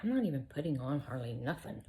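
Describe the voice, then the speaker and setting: Her voice is extremely low, dark and sing-song, and she talks fast. She's a middle-aged beauty vlogger chatting self-deprecatingly through her makeup routine, at times slipping into a whisper.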